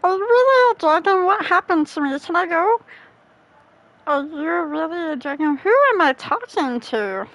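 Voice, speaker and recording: A woman's voice: very high-pitched, expressive, normal speed, fairly bright tone, dry recording, low-quality recording. A woman gamer reading game text aloud in a casual let's play, giggly and playful.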